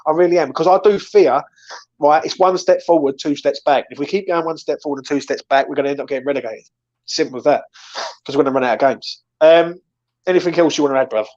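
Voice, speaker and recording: A man's voice: fairly high pitch, fast, darkish tone. Gutted man, lo-fi sound. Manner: emotional, swearing, gutted. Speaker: host. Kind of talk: casual post-match chat. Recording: dull lo-fi audio.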